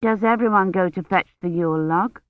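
A worried young woman, still weak, asks quiet anxious questions in an audiobook, voiced by a woman reader. The sound is narrow and phone-like and completely dry. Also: medium pitch, brisk, no echo, lightly acted.

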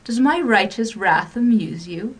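A woman's voice: medium pitch, expressive, a little slow, distant mic, lightly acted. A woman reading a stammering young romantic man. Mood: playful. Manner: stammering, theatrical romantic lines.

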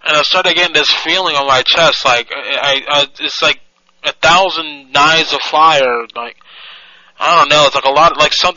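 A man on a prank phone call, groaning and breathless between words. His voice is very bright and slightly higher than usual. The sound is bone dry and a little dull. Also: no room sound. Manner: groaning, breathless, fakes chest pain. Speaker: prank caller.

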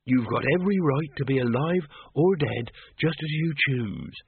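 Guy doing a blurting earnest zombie dude, dry husky voice, tinny. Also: medium pitch, lively intonation, takes it slowly, no room sound, full character voice. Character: earnest male zombie activist, tactless. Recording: thin tinny lo-fi sound.

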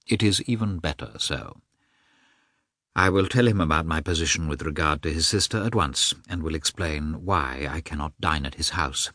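A man voicing a cold, formal middle-aged statesman who speaks in a measured, restrained way. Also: extremely low pitch, pushed and bright, no echo, studio quality, voice pushed down, heavily acted.

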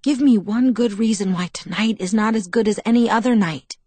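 A woman's voice: mid-range voice, lively intonation, normal speed, no room sound, natural voice. A woman voicing a stubborn, flustered teenage girl who pleads and argues, in an audiobook. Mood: exasperated. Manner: pleading, exasperated lines. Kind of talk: audiobook character voice.

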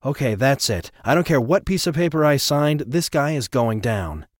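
A man reading an audiobook, voicing a determined young woman with a raised pitch and emphatic, indignant delivery. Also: expressive, normal speed, no room sound, clean studio sound, close to an everyday voice.

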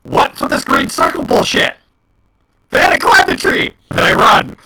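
Angry podcast co-host; high, gravelly, sharp voice; swears through heated rants. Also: male voice, sing-song, measured pace, poor audio. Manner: heated, profane ranting. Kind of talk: casual gaming podcast chat.

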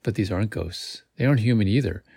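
A man with a fairly low, gravelly voice reads a gamebook aloud for his podcast. He keeps it casual, stumbling and correcting himself now and then. The sound is dry and close. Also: fast talker, warm tone, no room sound. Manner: casual reading with slips and self-corrections. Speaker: podcast host.

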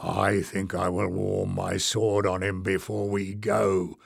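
A man voicing a gruff, fierce male warrior who growls and mutters. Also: mid-range voice, slow, a bit bright, no room sound, studio quality, heavily acted. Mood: grim.

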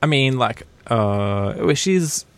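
A man's voice: medium pitch, expressive, takes it slowly, smooth, dry recording. A young man, chatting casually in a laid-back, joking way. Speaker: filmmaker. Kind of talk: casual chat.

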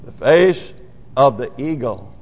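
A man's voice: mid-range voice, animated, takes it slowly, slightly rough. A man preaching a sermon, reading scripture aloud and asking his congregation rhetorical questions. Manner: reads scripture aloud with emphasis. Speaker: pastor. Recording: dull, lo-fi recording in a reverberant church hall.

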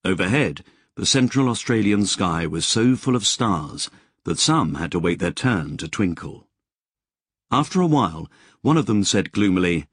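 A man narrating an audiobook chapter in a measured storytelling manner, recorded close and dry. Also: low-pitched, expressive, slightly rough, dry recording. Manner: measured storytelling, voices Australian bush characters. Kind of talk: scripted narration.

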